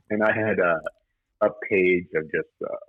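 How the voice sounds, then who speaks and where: A man, a guest on a podcast, chatting casually and dropping low-key jokes. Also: no room sound, phone-quality sound. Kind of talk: casual chat.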